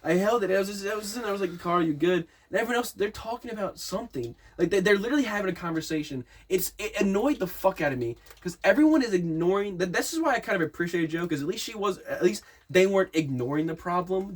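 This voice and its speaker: Fast-talking profane young man telling a story. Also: sits high, husky. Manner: rambling, profane, animated, with restarts and quoted dialogue. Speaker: storyteller in a podcast chat. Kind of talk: casual chat, recapping a party story.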